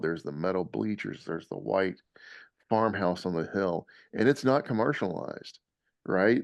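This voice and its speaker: A man telling a lively story in casual podcast chat, laughing often. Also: on the low side, vocal fry, no echo. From American South.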